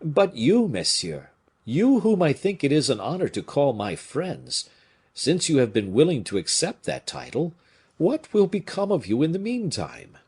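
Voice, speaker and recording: A man voicing an earnest, agitated young army officer, pitched higher than his own voice. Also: sing-song, measured pace, a little mellow, slightly rough.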